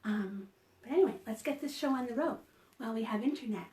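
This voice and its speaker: A woman librarian leading an online story time from home, talking slowly and gently in a sing-song, encouraging way to small children. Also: fairly high pitch. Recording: roomy home video call audio from a distance.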